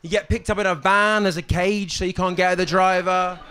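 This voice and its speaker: Halting deadpan comic, slightly high. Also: male voice. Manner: halting deadpan delivery with frequent ums and restarts. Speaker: stand-up comedian. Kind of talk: stand-up set. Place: comedy club stage with audience. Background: audience laughter.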